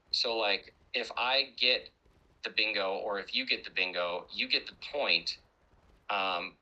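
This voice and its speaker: A man's voice: mid-range voice, bright, forceful tone, poor audio. A man on a voice call with another streamer, talking through rules aloud and telling a joke as a story. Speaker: guest streamer. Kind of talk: casual chat over voice call.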